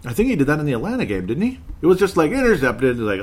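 A man's voice: medium pitch, wildly swooping pitch, fast talker, few pauses, husky. A man hosting a sports podcast in casual chat, rambling, chuckling often and correcting himself as he reads listener comments.

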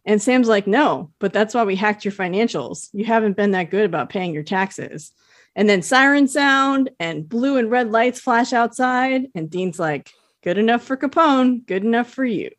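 A woman's voice: medium pitch, expressive, normal speed, dry recording. A woman with a mid-range voice chats her way through a TV episode recap, laughing easily. She is recorded close and dry, with no room sound. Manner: chatty and giggly, quotes characters in a lightly acted voice. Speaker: podcast co-host. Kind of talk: casual episode recap chat.

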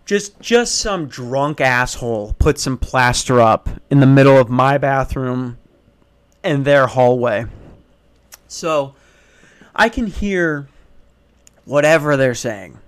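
A man's voice: mid-range voice, expressive, takes it slowly, clear, resonant tone. Profane, sarcastic young man ranting. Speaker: comedic ranter. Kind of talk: casual comedic rant. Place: back office, indoors.

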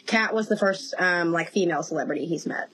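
A woman in her thirties, a guest in a casual interview, telling animated stories and laughing often. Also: fairly low pitch, fairly quick, husky, poor audio.

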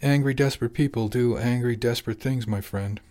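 A man's voice: medium pitch, a little fast, darkish tone, close to an everyday voice. A man voicing a jolly, determined middle-aged fishing boss who talks plainly and persuasively.

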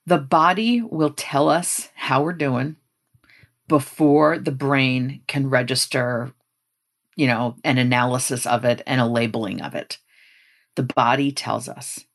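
A middle-aged woman with a low voice, a guest giving earnest, measured advice in conversation and slowing down to stress her points. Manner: earnest, measured, slows down for emphasis.

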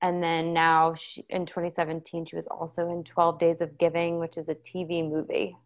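A woman's voice: deep voice, monotone, normal speed, highs cut off. Matter-of-fact woman reading out a list. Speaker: podcast co-host. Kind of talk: casual chat.

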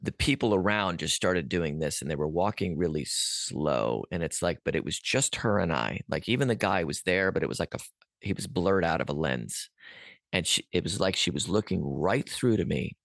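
Low gravelly man telling a story. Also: moderate pace, no echo, clean studio sound. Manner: rambling, many restarts and fillers; earnest, animated at peaks. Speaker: podcast guest. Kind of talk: storytelling a personal experience.

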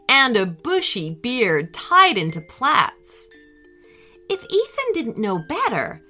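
A woman narrating a children's storybook in a gentle, expressive and unhurried way. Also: fairly high pitch.

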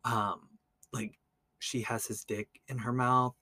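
A man hosting a podcast, telling a true crime story in a relaxed, casual way with lots of "like" and "um". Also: medium pitch, slow pace. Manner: relaxed, peppered with "like" and "um". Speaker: podcast host.

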